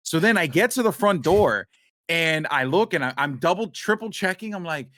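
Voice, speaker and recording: A man co-hosting a podcast, telling a long story in a rambling, animated way, with many restarts and swearing. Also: a little high, normal speed. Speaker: podcast co-host. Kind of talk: casual storytelling chat.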